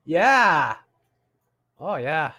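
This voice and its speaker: A man's voice: fairly high pitch, very animated, extremely slow, pushed and bright. A man hosting a show, giving sarcastic, mocking commentary on videos he plays and laughing often. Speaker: host. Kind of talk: casual commentary reacting to videos.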